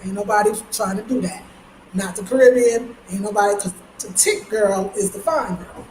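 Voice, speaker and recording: A woman from New York, chatting casually in a vlog, slangy and animated, breaking into high mimicking voices. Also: normal speed. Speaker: vlogger. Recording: echoey space with faint ambient noise.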